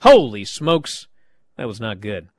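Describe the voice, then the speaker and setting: A man hosting a show, recapping wrestling in a casual, animated way and acting out the quoted lines. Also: fairly low pitch, slow pace, dry recording, clean studio sound.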